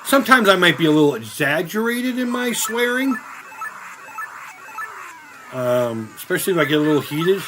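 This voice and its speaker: A man's voice: sits high, very animated, normal speed, pauses often, low-quality recording. A middle-aged man, chatting casually on a live stream while gaming, rambling and swearing often at the game. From Boston area. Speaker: streamer playing retro games. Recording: music playing behind the voice.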